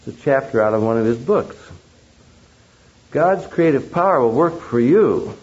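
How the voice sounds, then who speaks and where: Emphatic preacher with a lively, rising voice. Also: male voice, mid-range voice, normal speed. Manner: emphatic, rhetorical questions to the audience. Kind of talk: sermon. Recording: dull lo-fi recording.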